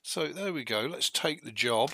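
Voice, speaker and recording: A man giving rambling, self-deprecating live commentary as he streams a truck driving game, stopping now and then to cough or clear his throat. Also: medium pitch, expressive, normal speed. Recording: loud noise behind the voice.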